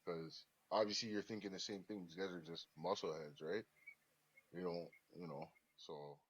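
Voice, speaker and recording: A man's voice: low voice, fairly even intonation, normal speed, slight background noise. A man co-hosting a podcast in laid-back casual chat, using slang like "yo" and "man". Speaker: podcast co-host. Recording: dull lo-fi sound.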